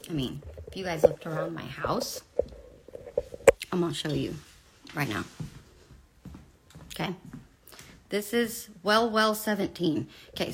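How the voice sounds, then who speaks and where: A woman's voice: deep voice, gravelly, very noisy. A woman in her forties talking candidly to camera, blunt and profane, rambling through personal stories. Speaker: vlogger.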